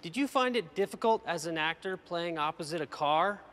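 A man's voice: a little high, expressive, normal speed, fairly bright tone. An actor playing a polite, earnest male fan asking a panel question. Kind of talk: comedy film acting.

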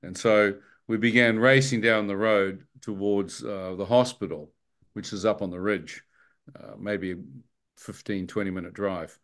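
A man's voice: lowish voice, a little slow. Kiwi guy telling a wild survival story, acts out the voices, chuckles a lot. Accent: New Zealand. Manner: animated storyteller, acts out dialogue, laughs often. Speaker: guest telling his testimony. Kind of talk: spoken testimony storytelling.

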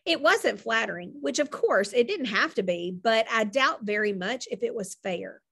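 A woman voicing a calm, dry-humored mother in a storybook reading, speaking evenly with gentle wryness. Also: on the high side, normal speed, gravelly, husky, exaggerated voice.

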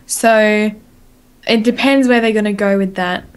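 A woman co-hosting a casual live podcast, chatty and excitable, with lots of "like" in her speech. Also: medium pitch, a little slow, smooth. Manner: chatty and excitable, many likes. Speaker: podcast co-host.

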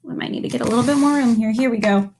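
Against a noisy background, a young woman teacher races through a picture book in a fairly high voice. She reads to the children with lively storytelling and asks them questions as she goes.

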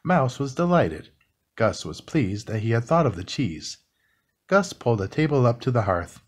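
A man reading a classic children's book aloud in a calm, soothing bedtime style. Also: medium pitch. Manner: slow, soothing, expressive reading. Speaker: storybook reader.

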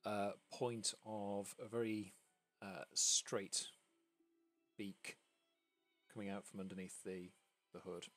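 Low-voiced man narrating as game master. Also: fairly even intonation, slow, a bit bright, faint music behind. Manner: descriptive, many fillers and hedges.

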